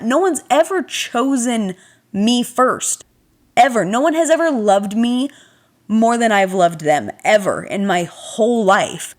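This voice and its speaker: A young adult woman vlogger telling a personal story in a chatty, animated, self-deprecating way, talking straight to her viewers. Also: a little high, a little slow. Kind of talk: casual storytelling to camera.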